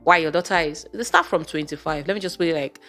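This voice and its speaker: Low-voiced woman vlogger. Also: quick pace, a bit bright, faint music behind. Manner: chatty, exasperated, rhetorical questions. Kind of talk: casual storytelling monologue.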